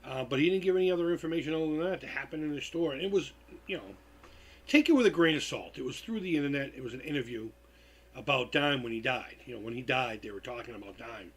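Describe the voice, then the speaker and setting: A man's voice: medium pitch, lively intonation, fast, slightly rough. A tired man hosting a live stream, telling stories in a loose, profane, casual way. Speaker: livestream host.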